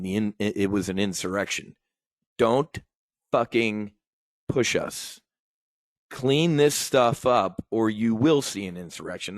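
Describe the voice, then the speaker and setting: Male host, low-pitched, dry recording; blunt, profane, fired-up talker addressing "folks.". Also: no room sound. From United States. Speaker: podcast host. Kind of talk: casual political rant.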